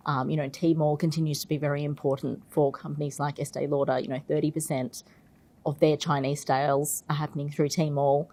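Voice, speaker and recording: A woman leading research at a fund manager, answering interview questions in a relaxed, explanatory way and often saying "you know". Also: low voice, a little fast. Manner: explanatory, frequent "you know" fillers and restarts. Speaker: investment research head and portfolio manager. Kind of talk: conversational expert interview.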